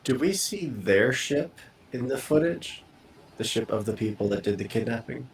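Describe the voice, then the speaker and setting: A man playing a tabletop role-playing game, talking things over in a measured, deliberate way. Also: medium pitch, animated, echoey room, slight background noise. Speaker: tabletop player. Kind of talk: casual tabletop role-play talk.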